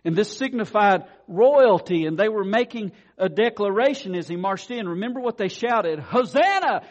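A man preaching a sermon, swinging from quiet asides to loud declarations. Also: high-pitched, normal speed. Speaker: pastor.

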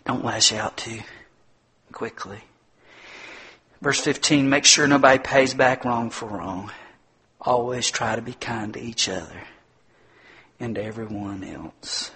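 Man, middle-aged, preacher, sermon, very husky breathy voice, folksy storytelling. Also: medium pitch, a little slow, long pauses, sharp tone.

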